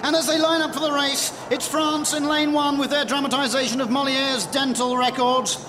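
A breathless race commentator. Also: male voice, extremely high pitch, fairly even intonation, noisy background. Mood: excited. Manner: brisk sports-commentary delivery. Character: excitable male sports race commentator. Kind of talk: mock sports commentary.

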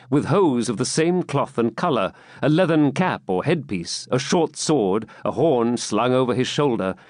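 A man narrating a classic novel in an expressive, varied reading. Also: mid-range voice, dry recording, clean studio sound. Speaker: audiobook narrator.

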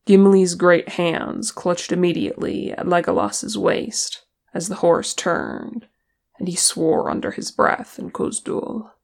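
A reader tells a fan fiction story at an unhurried pace. The voice has a gravelly texture, and the storytelling is steady and even. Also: mid-range voice. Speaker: audiobook reader. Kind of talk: fan fiction audiobook narration.

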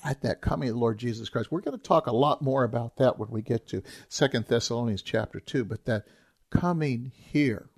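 A man's voice: medium pitch, husky. A man preaching a sermon as a pastor, talking in an earnest, emphatic way and repeating key phrases.

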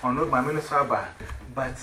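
A man rambling excitedly in casual chat, switching between pidgin English and Twi. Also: mid-range voice, quick pace. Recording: echoey room with loud background noise.

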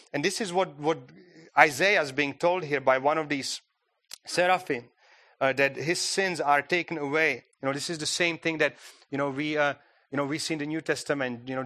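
A man's voice: fairly high pitch, sharp tone. A man preaching a sermon in a church, talking conversationally with many fillers and restarts. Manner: conversational, frequent "you know" fillers and restarts. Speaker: guest preacher.

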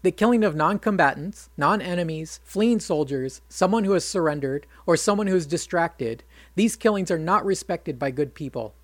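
A narrator voicing a calm, wise divine counselor who patiently lectures. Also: mid-range voice, normal speed, no echo, natural voice. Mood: lecturing.

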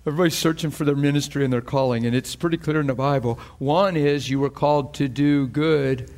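A man preaching a sermon, animated and emotional, acting out scripture scenes and breaking into laughter. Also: on the high side, a little fast.

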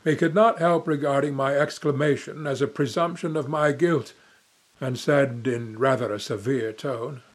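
A man's voice: mid-range voice, steady tone, normal speed. Emotive young male audiobook narrator. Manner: dramatic, emotive. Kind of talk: first-person audiobook narration.

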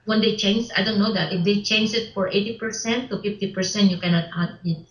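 Woman guest with a foreign accent, halting. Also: medium pitch, fairly even intonation, echoey room, muffled recording. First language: not English. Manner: halting, repeats words, broken grammar, laughs often. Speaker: actress and filmmaker guest. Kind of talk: casual interview.

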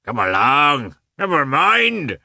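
A merry, bearded peasant man shouts a hearty invitation from afar, pitched well above the reader's own voice, as a man narrating a storybook puts him on. The voice is bright and lively. The recording is dry. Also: quick pace, no room sound, full character voice. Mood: hollering. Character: merry bearded red-faced male peasant.

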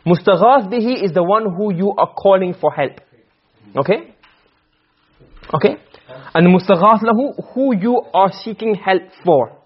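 A man teaching Arabic grammar to a class, asking questions and answering them himself, and reciting verses slowly. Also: sits high, lively intonation, husky, highs cut off. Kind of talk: classroom lecture.

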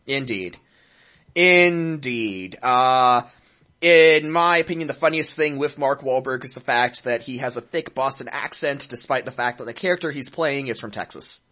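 A man's voice: medium pitch, normal speed, bright, forceful tone. A man co-hosting a casual gaming podcast, joking around, making puns and laughing often. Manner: jokey, laughs a lot, punny. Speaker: podcast co-host.

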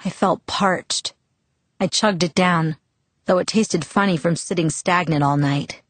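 A woman's voice: lowish voice, a little slow, dry recording. Woman narrating an audiobook, dry close sound.

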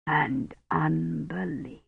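A narrator voicing a dying, devout old male priest who murmurs slowly in a weak, slurred voice. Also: on the high side, steady tone, creaky, breathy edge, dry recording, narrow, tinny audio, full character voice. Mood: faint. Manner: faint slurred murmur, slow and solemn. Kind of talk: audiobook reading.

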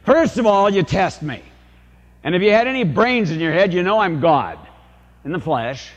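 A man's voice: sits high, lively intonation, moderate pace, pitched above the performer's own voice. A man voicing an impatient Jesus bluntly scolding a lawyer, in a lo-fi recording with long reverb. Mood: exasperated.

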